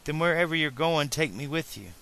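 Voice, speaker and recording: A man voicing a sweet, gentle young woman schoolteacher in a storybook reading. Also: sits low, animated, a little fast, voice pushed up. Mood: worried. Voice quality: sweet-voiced.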